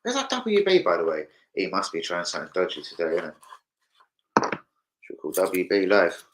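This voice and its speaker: A man's voice: low-pitched, wildly swooping pitch, normal speed, fairly bright tone, rough recording. A young man chatting casually on a football fan livestream, rambling, swearing and reading out viewer comments. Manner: swearing, rambling, reads chat aloud. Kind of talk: casual live-stream chat.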